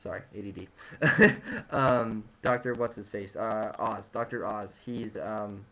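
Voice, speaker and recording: A man's voice: lowish voice, slow, gravelly, pushed and bright, low-quality recording. Rambling man talking nutrition stats. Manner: rambling, many fillers and restarts, self-deprecating asides. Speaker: nutrition presenter. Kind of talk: casual informal lecture. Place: home room at sunrise.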